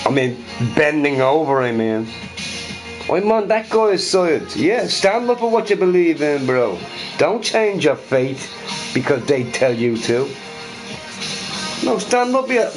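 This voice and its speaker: A man's voice: on the high side, big pitch swings, takes it slowly, over music, poor audio. A drunk Irish man with a Dublin accent ranting in a heated, profane monologue and repeating himself. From Ireland.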